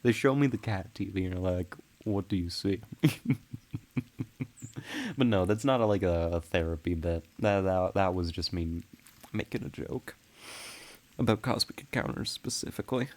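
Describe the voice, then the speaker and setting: Streaming a game, a man rambles casually with his viewers in a deep, slightly mellow voice at a moderate pace, with long pauses. He giggles and laughs often as he chats while playing.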